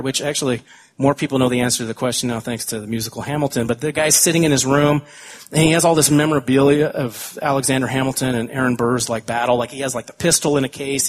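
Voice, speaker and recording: A man preaching a sermon as pastor, chatting his way through side tangents and reading scripture slowly and deliberately. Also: medium pitch, a little hiss or hum. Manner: conversational, wanders into side tangents.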